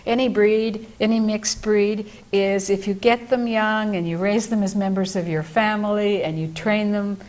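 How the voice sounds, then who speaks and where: A woman who trains dogs, talking as a guest on a local talk show, explaining in a lively way and laughing easily. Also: medium pitch, moderate pace, hardly any pauses.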